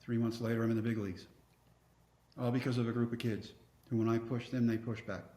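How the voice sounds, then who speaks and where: A middle-aged man from Texas tells his story as a podcast guest. He acts out the other people in it and jokes about himself. His voice sits at an ordinary middle pitch, and it echoes through a reverberant room. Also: fast. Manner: animated storyteller acting out quoted dialogue, wry self-mocking humor. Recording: roomy echo.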